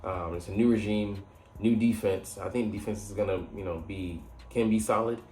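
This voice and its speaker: A man with a somewhat low voice runs through a casual football breakdown, rambling and full of fillers and restarts. The recording sounds roomy and echoey, with a faint hum of background noise behind it. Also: steady tone, normal speed, warm tone. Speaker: podcast host. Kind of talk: casual sports analysis monologue.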